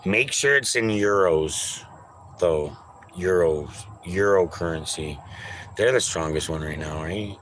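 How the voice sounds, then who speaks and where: Slow, bright-voiced teasing male streamer. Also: deep voice, slight background noise. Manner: teasing, repeats names in drawn-out pleading calls; crude, offhand. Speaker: streamer reading chat. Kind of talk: casual live-stream chat.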